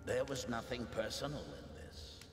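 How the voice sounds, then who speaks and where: An actor playing a cold, scheming male usurper who gloats with calm menace in a game. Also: medium pitch, moderate pace, music in the background, close to an everyday voice. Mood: gloating. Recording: echoey hall with noisy game ambience.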